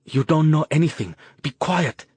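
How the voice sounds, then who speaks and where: A man plays a gruff, tense street drifter who barks short orders. His voice pushes up louder and a little higher than the narration, dry and close. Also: normal speed, no echo, close to an everyday voice. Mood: fierce. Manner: curt, urgent orders.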